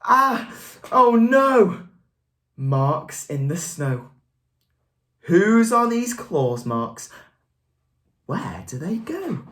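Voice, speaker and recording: A woman voicing a small, brave young female Gruffalo monster in a storybook read aloud, with excited, wide-eyed questions. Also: medium pitch, extremely slow, pauses often, pitched above the performer's own voice, exaggerated voice. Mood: anxious excitement.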